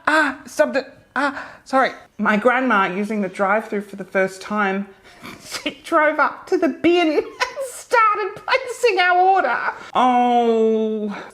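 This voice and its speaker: A woman's voice: mid-range voice, fairly bright tone. A young woman reading funny viewer stories aloud in a casual comedic vlog, swearing often and laughing as she goes.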